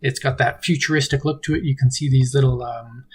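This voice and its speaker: A man hosting a board game channel, giving a casual game preview with a relaxed manner and frequent ums and uhs. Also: medium pitch, brisk, breathy edge.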